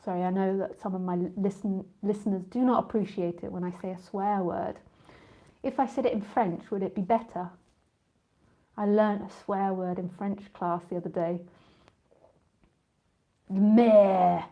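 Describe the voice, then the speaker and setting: A woman's voice: medium pitch, steady tone, moderate pace, muffled recording. A woman spiritual teacher in a casual live talk with listeners, rambling and chatty, often laughing and drifting off on tangents.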